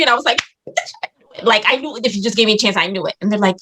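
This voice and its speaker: A woman's voice: mid-range voice, expressive, quick pace, fairly bright tone. A woman guest on a podcast, telling a story in casual chat with blunt, dramatic, profane delivery.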